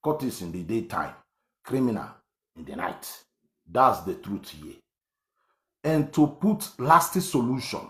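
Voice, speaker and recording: A Nigerian man around fifty, talking politics in an emphatic, repetitive way, with many fillers and restarts. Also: mid-range voice. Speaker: online commentator. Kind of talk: political commentary monologue. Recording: echoey room.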